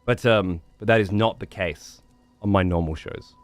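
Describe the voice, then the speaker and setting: A deep-voiced man livestreams, chatting casually to viewers at a moderate pace in a rambling, profane way and repeating words while he thinks. The sound is dry with no room tone, and soft music plays in the background.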